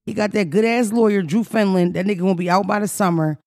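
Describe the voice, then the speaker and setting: A woman from Philadelphia with a Philly accent, hosting a podcast in brash, profane, animated casual chat. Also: medium pitch, quick pace, no room sound, clean studio sound. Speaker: podcast host.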